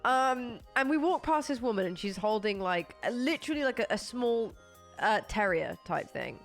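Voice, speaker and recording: A woman in casual chat, telling a lively story and doing the voices of the people in it. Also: a little high, moderate pace, soft background music. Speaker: guest.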